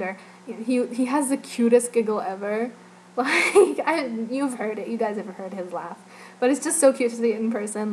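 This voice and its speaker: A young woman with a slightly high voice recaps an event she attended. She talks in a casual, giggly, gushing way, stringing her thoughts together with endless "like"s. A faint background noise runs under the recording. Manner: giggly, gushing, heavy use of "like". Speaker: fan giving an event report.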